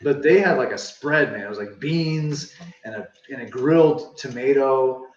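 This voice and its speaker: A man's voice: medium pitch, normal speed. Rambling man, echoey off-mic sound. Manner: animated, reads viewer comments aloud, rambling anecdotes. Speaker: livestream co-host. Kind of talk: casual livestream chat. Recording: roomy, distant, dull sound.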